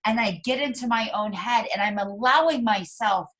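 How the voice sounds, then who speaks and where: A woman's voice: on the high side, normal speed, fairly bright tone. A woman in her thirties leading a casual motivational team call, chatty and emotional, full of ums and likes.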